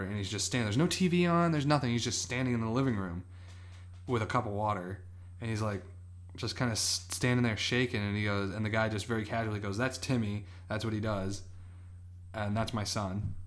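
This podcast co-host has a lowish, slightly bright voice and talks fast. His long, rambling anecdote is casual, with frequent acted-out quotes from other people.

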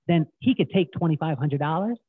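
A middle-aged man guest, telling stories in an animated way and acting out quotes. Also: a little high, fairly quick, husky, dry recording. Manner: animated storyteller, acts out quotes. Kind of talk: casual storytelling interview. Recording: tinny phone-like line, dry.

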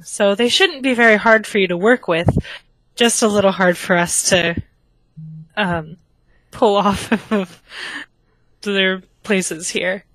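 A gentle, plant-loving young man, played by a woman in her own voice, speaks softly and politely with small laughs. The recording is close and dry, with no room around it. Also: mid-range voice, no echo, lightly acted, poor audio. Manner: soft-spoken, friendly, giggly.

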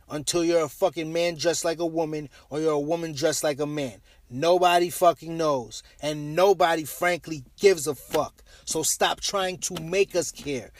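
A man's voice: on the high side, no echo. A man delivering a heated, profane monologue rant as a commentator, blunt and repeating his phrases.

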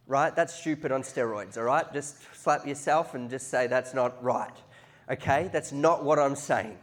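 A man preaching a conversational sermon that rises into loud, excited peaks. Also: mid-range voice, a little slow. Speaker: pastor.

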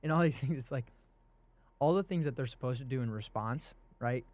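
A man's voice: medium pitch, brisk, darkish tone. A young man hosting a casual faith podcast, talking earnestly and animatedly about scripture. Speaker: podcast host.

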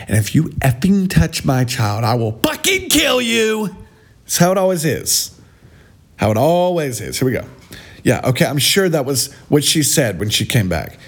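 A male vlogger gives sarcastic, mocking commentary in a fairly high voice. His pitch swings widely, and he speaks slowly and lets his lines drag for effect. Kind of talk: sarcastic commentary on reading posts aloud.

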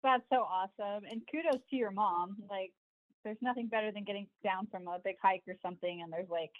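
A woman's voice: mid-range voice, a little fast. A woman co-hosting a casual chat, upbeat and easygoing, calling in from somewhere else. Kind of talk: casual chat over a call. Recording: tinny phone-line sound.

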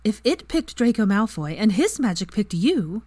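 A woman voicing an excitable, blunt young witch in a story reading. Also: medium pitch, normal speed, dry recording, voice pushed up. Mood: earnest.

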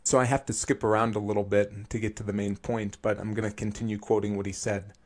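A man's voice: on the low side, level tone, fast. A man hosting a podcast, reading long quotes aloud and breaking off to criticize them in an earnest, disapproving manner. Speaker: podcast host.

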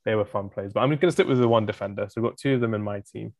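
A man's voice: on the low side, racing, darkish tone, no echo. A man co-hosting a casual football podcast, talking enthusiastically and rambling through lists of players. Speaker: podcast co-host.

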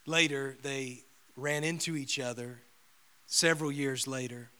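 A male pastor preaching a sermon, telling a story and swinging from loud proclamation to a hushed whisper. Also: mid-range voice, steady tone, unhurried, clean tone.

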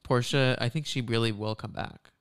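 A podcast co-host in a casual recap chat, relaxed and opinionated, with dry asides. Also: medium pitch, normal speed, smooth, dry recording.

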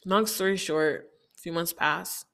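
A woman's voice: lowish voice, unhurried, vocal fry, fairly bright tone. A woman from Haiti telling a candid, reflective personal story, often quoting people in dialogue.

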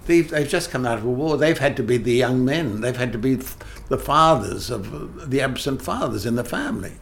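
Speaking a little fast and with animation, this older man has a gravelly, medium-pitched voice, and there's slight background noise. He's a theatre director being interviewed, telling forceful stories and often restarting sentences.

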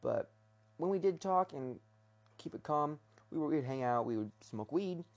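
A man's voice: on the high side, lively intonation, moderate pace, a little mellow. A young man rambling casually in his bedroom, talking hesitantly with many restarts and fillers. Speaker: vlogger.

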